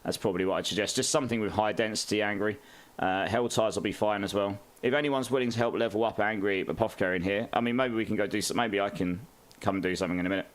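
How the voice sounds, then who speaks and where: A man's voice: lowish voice, fast. A man, chatting casually on a game live stream, greeting viewers and laughing often.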